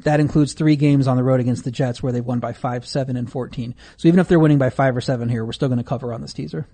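A man co-hosting a casual betting podcast, with quick, dry sarcasm. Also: mid-range voice, fairly even intonation, mellow. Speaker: podcast co-host.

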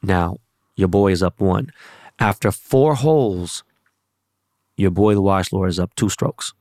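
A man's voice: deep voice, level tone, normal speed, mellow, no room sound, studio quality. A young adult man rambling in a brash, profane, slang-heavy casual monologue as a vlogger.

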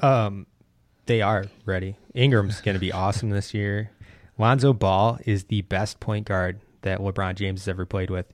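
A man hosting a casual sports podcast, rambling and animated with frequent restarts. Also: lowish voice, normal speed, no echo. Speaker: podcast host.

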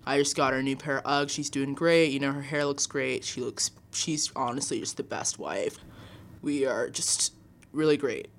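A woman putting on a laid-back male football star, talking like a relaxed bro. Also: a bass voice, normal speed, slight background noise, pitched below the performer's own voice.

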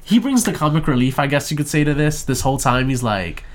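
A man's voice: a little high, lively intonation, fast talker. A young man casually recapping a movie in a chat, rambling and profane, briefly acting out the characters' lines. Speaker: podcast co-host reviewing a movie.

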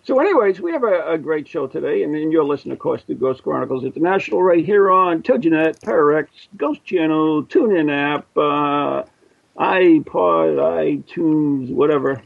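Gravelly American man hosting a radio show. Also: on the high side, lively intonation, moderate pace, narrow, tinny audio. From United States. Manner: joking, rambling, with many fillers and restarts. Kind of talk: casual radio show chat.

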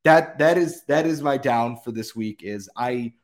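A man's voice: mid-range voice, measured pace. A man hosting a casual sports podcast with a cold, reading ad spots and ranting in an exasperated way. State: has a cold. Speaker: podcast host. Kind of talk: casual sports podcast chat and read ads.

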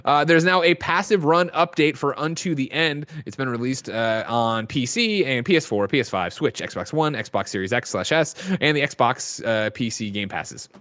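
A man hosting a casual video game news show, rattling off release lists with quick asides. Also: mid-range voice, expressive, fairly bright tone. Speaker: host.

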